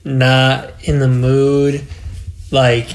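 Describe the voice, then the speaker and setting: A man's voice: medium pitch, completely flat delivery, drawn-out words, slight background noise. A man hosting a casual podcast chat, agreeable and asking short follow-up questions.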